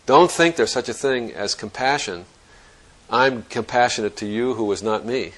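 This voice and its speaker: A man's voice: medium pitch, moderate pace, rough recording. A man giving a Zen dharma talk to students, thinking aloud in a reflective, conversational way and often restarting his sentences. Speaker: Zen teacher.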